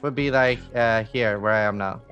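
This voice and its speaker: A man's voice: on the low side, moderate pace, fairly bright tone, muffled recording, faint music behind. A man playing a tabletop game, hesitantly working out his character's move. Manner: hesitant, thinking aloud with fillers. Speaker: player. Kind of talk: casual tabletop play.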